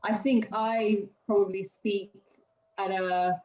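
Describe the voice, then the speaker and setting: A woman's voice: medium pitch, steady tone, takes it slowly. A woman with a standard southern British accent, chatting at a moderate pace on a video call. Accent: standard southern British English. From England. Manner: speaks at a moderate pace, with soft fillers. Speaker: guest speaker in a language-learning video call. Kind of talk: casual conversation. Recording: roomy, muffled video call audio.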